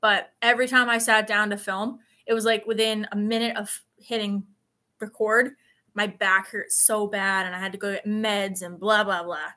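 A woman's voice: mid-range voice, flat delivery, moderate pace, pushed and bright. A woman in her late twenties chatting casually on a live stream, telling rambling stories with plenty of fillers. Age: 20s. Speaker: vlogger.

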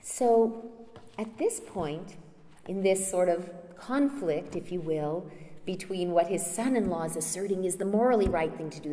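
Woman guest lecturer, low mellow voice, storytelling, echoing hall. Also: animated, measured pace. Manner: storytelling, retelling a play scene with hesitant fillers. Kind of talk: public lecture.

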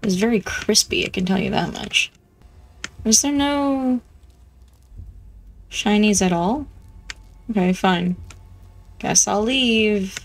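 A woman chatting playfully as she plays a video game, easily excited. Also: mid-range voice, slow pace, long pauses, faint music behind. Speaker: gameplay streamer. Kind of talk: casual gameplay commentary.

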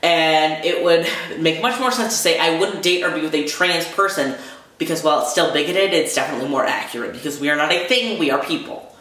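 A young man in a heated, swearing vlog rant, talking fast and full of anger. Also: a little high, pushed and bright. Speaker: vlogger. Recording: very echoey room.

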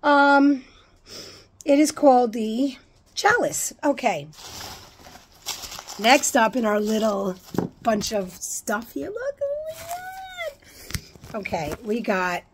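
Woman, unboxing vlog, excitable and gushing, slightly high voice, faint background hiss. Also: takes it slowly, long pauses. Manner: excitable, gushing, swears freely. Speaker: unboxing vlogger. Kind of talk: casual unboxing chat.

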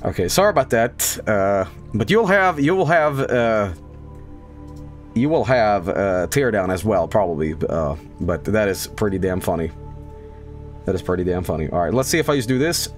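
A man chatting to viewers on a live game stream, rambling and swearing, bursting into loud yelling at times. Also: on the low side, lively intonation, moderate pace, faint music behind. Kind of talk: live gameplay stream chat.

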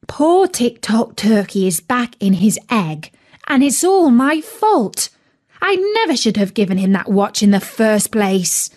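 A woman's voice: medium pitch, a little mellow. A woman voicing a fussing, kindly female dog in a storybook. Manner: worried, fussing. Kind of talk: storybook reading.

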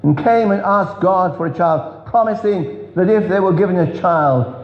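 A man preaching an earnest revival sermon, telling stories with emphatic pauses. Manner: earnest, storytelling, emphatic drops in pitch. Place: large church hall. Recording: echoey church hall, dull sound.

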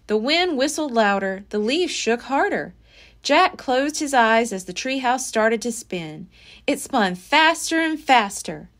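Lively woman reading a children's book. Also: fairly high pitch, a little slow. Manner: expressive, lively storybook reading. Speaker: library storyteller. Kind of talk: children's read-aloud narration.

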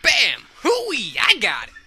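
A woman voicing a folksy, loud older male fight promoter in a video game, hollering country slang. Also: mid-range voice, wildly swooping pitch, slow, breathy edge, soft background music, heavily acted. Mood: blustery.

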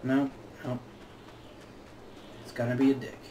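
A man's voice: mid-range voice, a little slow, a little hiss or hum. A man giving casual, swearing commentary while playing a video game. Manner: swears freely, muttering with sudden excited outbursts. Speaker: let's play gamer.

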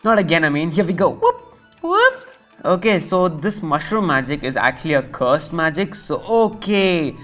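A gameplay host giving excitable, chatty let's play commentary and talking to the game's creatures. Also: mid-range voice.

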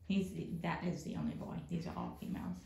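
Chatty low-voiced woman cat breeder. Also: steady tone, quick pace, creaky, warm tone. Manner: chatty, cooing, trails off and forgets names. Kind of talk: casual vlog chat. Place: indoor room at home cattery. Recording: roomy echo, faint noise.

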